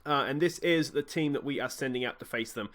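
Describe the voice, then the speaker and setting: An Australian man giving chatty let's-play commentary on a football management game, muttering asides and bursting with excitement at goals. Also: mid-range voice, a little fast. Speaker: gaming YouTuber.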